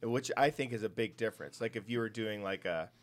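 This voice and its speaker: A man hosting an interview, asking rambling, halting questions filled with fillers. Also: on the low side. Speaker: podcast host.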